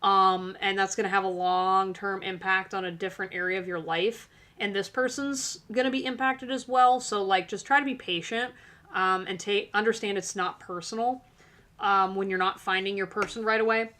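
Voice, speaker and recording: A woman reading tarot on a live stream in a relaxed, chatty way, full of little fillers and reassurances. Her voice is bright and clear, sitting at an ordinary middle pitch. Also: normal speed. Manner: chatty, filler-heavy, encouraging.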